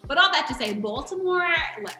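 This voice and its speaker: A woman from the DC area giving an animated, emphatic sports breakdown in casual talk. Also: high voice, a little fast, reverberant, faint music behind, low-quality recording. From DMV area, US. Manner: animated, emphatic, laughs often. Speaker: guest sports analyst.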